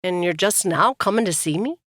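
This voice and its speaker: A woman voicing a gentle frontier doctor. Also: fairly low pitch, fairly quick, no echo, studio quality. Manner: calm, earnest questioning.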